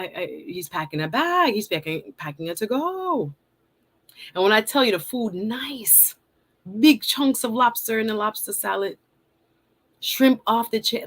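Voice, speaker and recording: Laughing, animated woman storyteller. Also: medium pitch. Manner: animated, laughs often, acts out her own quotes. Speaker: host. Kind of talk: casual live-stream storytelling.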